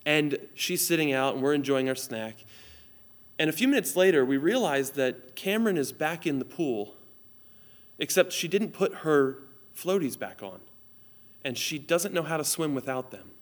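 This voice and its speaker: A man's voice: on the high side, animated, moderate pace. A man in his thirties preaches a sermon recorded for online viewers. He tells stories earnestly and reads scripture aloud, and his voice sits slightly above the usual male range. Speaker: pastor.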